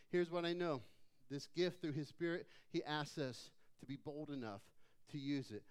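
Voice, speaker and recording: A male pastor delivers a sermon in a smooth, resonant voice sitting a little higher than most men's. He preaches with energy and sinks low and quiet on the lines he wants to land. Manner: dynamic preaching, dropping low and soft for scripture lines.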